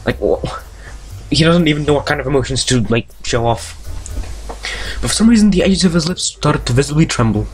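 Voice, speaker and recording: A man's voice: on the high side, lively intonation, brisk, faint music behind. A man hosting a let's play, reading a visual novel aloud and breaking off into jokes, tangents and frequent swearing. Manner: reads story text aloud, stumbling over words.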